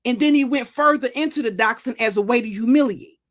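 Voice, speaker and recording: Older woman, pitch a bit high, profane, threatening, restarts and stammers. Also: a little fast. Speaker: YouTube commentary channel host. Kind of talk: blunt monologue vlog.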